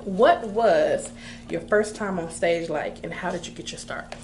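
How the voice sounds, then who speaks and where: A woman's voice: on the low side, darkish tone, a little hiss or hum. A woman hosting a casual interview, asking questions and backing up her guest with short replies. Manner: quick, encouraging, short prompts. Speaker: interview host.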